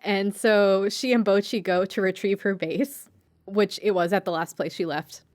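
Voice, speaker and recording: A woman's voice: mid-range voice, steady tone, moderate pace, darkish tone. Chatty woman podcast co-host. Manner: chatty, filler-heavy, giggly. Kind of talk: casual anime recap.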